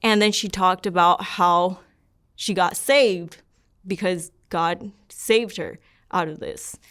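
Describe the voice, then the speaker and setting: A young woman in an interview, earnestly recounting a personal story in a rambling, soft-spoken way with lots of "like". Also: mid-range voice, smooth. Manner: rambling and earnest, leans heavily on "like". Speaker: interview subject.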